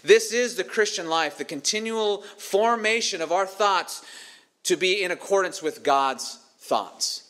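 Bright-voiced, earnest preaching man. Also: sits high, animated, measured pace. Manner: earnest, emphatic preaching with repeated phrases. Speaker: pastor. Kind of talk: sermon.

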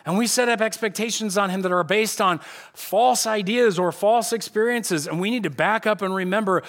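A pastor giving a casual, conversational sermon in a church, animated and shifting between loud emphasis and quiet asides. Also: male voice, high-pitched, moderate pace. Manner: casual, conversational preaching with slang.

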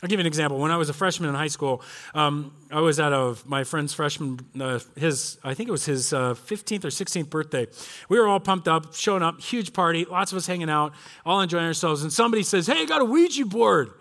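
A man in his forties preaching a sermon, telling a story with animated quoted voices. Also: on the high side, a little fast. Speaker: pastor. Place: church.

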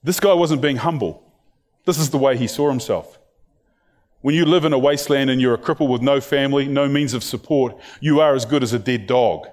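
A man's voice: mid-range voice, a little mellow. A man preaching a sermon, retelling a story and acting out what its people think and say. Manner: storytelling, acts out the characters' thoughts and words.

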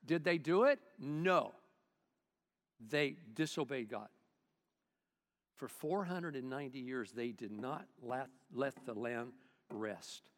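A male pastor preaching a sermon in church, swinging between loud bursts and hushed asides, calling on the congregation to respond. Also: medium pitch, slow, pauses often, in a large hall.

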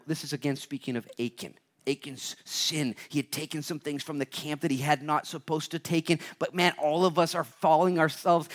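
A man preaching a lively sermon, moving between quiet asides and loud, dramatic readings with humorous touches. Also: fairly high pitch. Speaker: pastor.

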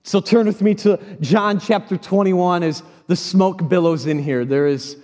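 Pastor type: a high-voiced man, dramatic storyteller, preaching in a reverberant sanctuary. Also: a little slow, darkish tone. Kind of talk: sermon. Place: church sanctuary. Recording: large hall reverb.

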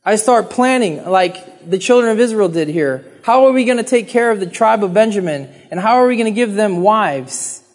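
A man's voice: high-pitched, lively intonation, normal speed, hardly any pauses. A man preaching a sermon in an earnest, conversational way, talking straight to the congregation and acting out pleading prayers. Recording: long reverb of a hall.

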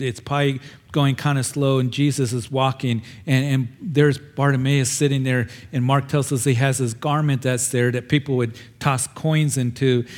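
A pastor preaching a sermon, retelling a gospel story and acting out the cries of the people in it. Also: male voice, medium pitch, a little mellow. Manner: storytelling, acts out cries with raised voice.

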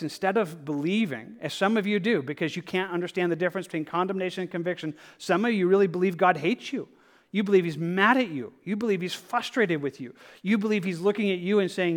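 A man preaching a sermon as pastor, earnest and repetitive, often dropping to a soft, gentle tone. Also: sits high, fast talker. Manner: earnest, repetitive, drops to soft tones for quoted prayer.

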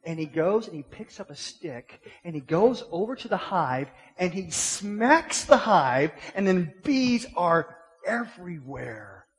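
A middle-aged man with a high, breathy-edged voice preaches unhurriedly, his pitch swinging widely. The pastor speaks casually and conversationally in a church sanctuary, using lots of rhetorical questions and repeated words, under a long hall reverb.

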